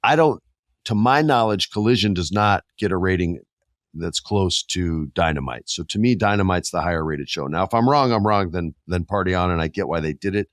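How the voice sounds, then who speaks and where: A middle-aged man hosting a casual podcast, animated and jokey, often jumping his pitch for emphasis. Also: brisk, dry recording, clean studio sound. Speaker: podcast host.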